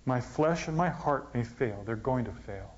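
A male pastor preaching a sermon, swinging from loud emphasis down to near-whispers. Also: medium pitch, expressive, normal speed. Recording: dull, lo-fi sound.

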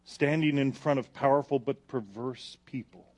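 A man preaching a sermon, dramatic, dropping to a hush and then rising to forceful emphasis as he retells scripture. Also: mid-range voice, moderate pace. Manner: dramatic, swings from hushed to emphatic when quoting scripture.

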